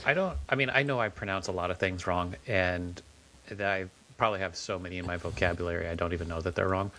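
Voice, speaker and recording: Low-voiced man chatting offhand. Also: fast talker, bright, forceful tone, slight background noise. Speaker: podcast co-host. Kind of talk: casual chat.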